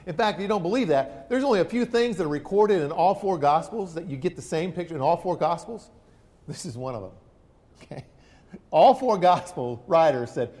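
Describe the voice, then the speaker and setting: Male pastor, emphatic storytelling sermon, high lively voice, long reverb in a hall. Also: fairly quick.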